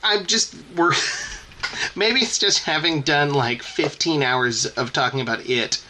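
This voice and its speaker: This podcast co-host rambles casually, breaking off mid-sentence and laughing often. His voice is fairly high with a sharp tone and a measured pace, and there's slight background noise.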